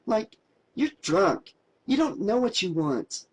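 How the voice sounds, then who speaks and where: A man's voice: sits high, big pitch swings, slow, slightly rough, voice pushed up, heavily acted. A man voicing a panicky valley-girl teen. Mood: panicked. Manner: pleading, panicky, says "like" a lot. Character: frightened teenage girl, valley-girl talk.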